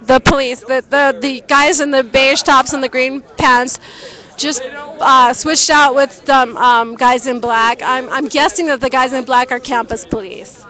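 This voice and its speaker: A young woman livestreaming outdoors at a night protest from a handheld phone, talking casually to viewers and often shouting out. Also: high voice, steady tone, unhurried. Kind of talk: live street commentary.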